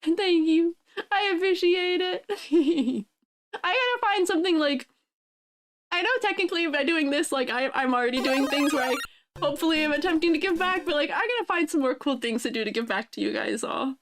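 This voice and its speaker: A woman's voice: sits high, lively intonation, fairly quick. A woman streamer chatting casually with viewers, laughing and crying happy tears as she thanks them. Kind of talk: casual live-stream chat.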